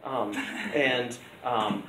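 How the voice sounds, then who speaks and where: A man's voice: medium pitch, fairly even intonation, drawn-out words. A male teacher talking casually to his class, rambling with many ums and restarts. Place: school classroom. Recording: echoey classroom with loud background noise.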